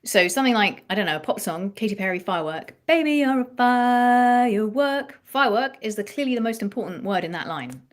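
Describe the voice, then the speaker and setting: A woman songwriting coach explaining ideas in an animated interview chat, restarting her phrases as she thinks aloud. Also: medium pitch, fast talker, few pauses.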